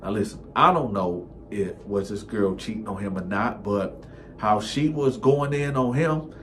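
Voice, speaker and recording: A man casually telling a personal story in a slangy, animated way, acting out the people in it. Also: fairly low pitch, measured pace, slight background noise. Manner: animated, slangy, acts out the characters. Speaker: storytime host.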